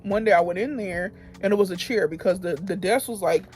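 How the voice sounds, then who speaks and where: A young woman tells a story about quitting her job while getting ready on camera. She sounds worked up and emphatic, circles back to the same phrases, and talks at a middling pitch. Faint music plays underneath her. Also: a little fast, darkish tone. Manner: heated, emphatic venting with repeated phrases. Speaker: beauty vlogger.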